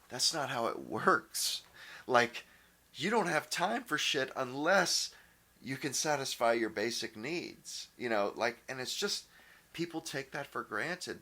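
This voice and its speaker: Rambling man ranting with lively pitch. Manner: rambling, halting, many restarts and fillers; blunt and profane. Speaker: channel host. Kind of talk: casual opinion rant.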